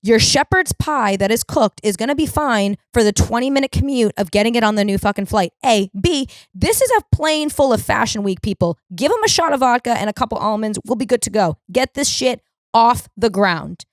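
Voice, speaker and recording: A young woman telling comic travel stories as a host, ranting and cursing with sudden jumps up in pitch. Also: animated, no echo, studio quality. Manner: fast, profane, exasperated ranting with big pitch jumps. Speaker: comedian host. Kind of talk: storytelling comedy monologue.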